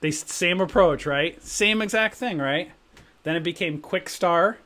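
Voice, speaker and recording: A man's voice: high-pitched, measured pace, pushed and bright. Chatty man rambling through old stories. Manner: rambling anecdotes with frequent "right?". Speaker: stock trading stream host. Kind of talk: casual livestream chat.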